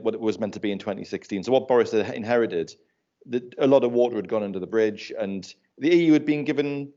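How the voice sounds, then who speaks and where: A man's voice: lowish voice, dark tone. A man chatting casually on a finance podcast panel, telling anecdotes and laughing often. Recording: slightly muffled audio.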